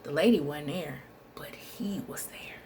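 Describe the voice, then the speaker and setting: A young woman from Texas with a Southern US accent telling a casual storytime vlog, animated and profane, calling the viewer "girl", recorded on a phone. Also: deep voice, unhurried, whispered. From Texas, USA.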